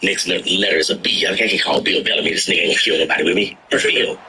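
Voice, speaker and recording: A man telling tour stories in a casual chat, animated and slangy, swearing freely and breaking into loud outbursts. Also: sits low, rapid-fire, a little hiss or hum, low-quality recording. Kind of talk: casual storytelling.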